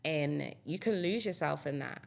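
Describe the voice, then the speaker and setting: A woman's voice: low voice, moderate pace, creaky. A woman in her thirties, a singer and interview guest, talking openly and reflectively about her life. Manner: reflective, open, personal. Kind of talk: candid interview conversation.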